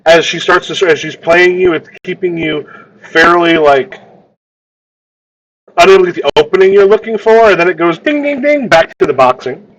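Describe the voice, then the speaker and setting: A man runs a tabletop game as its game master, his voice sitting a little higher than most men's. He narrates in a stop-start way, circling back and repeating words as he sets up each scene. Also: animated, a bit bright, muffled recording, slight background noise. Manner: halting, repeats words while describing.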